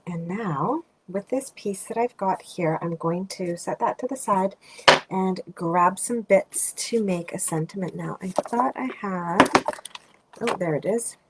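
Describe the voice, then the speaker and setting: A woman demonstrating card making, chatting casually and thinking aloud as she works, sometimes dropping to a soft murmur. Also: mid-range voice, unhurried, very noisy. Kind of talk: casual craft tutorial narration.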